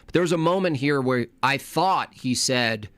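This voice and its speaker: Man, reaction commentary host, argumentative, sardonic, dead-dry sound, middle pitch. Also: normal speed, fairly bright tone, no echo.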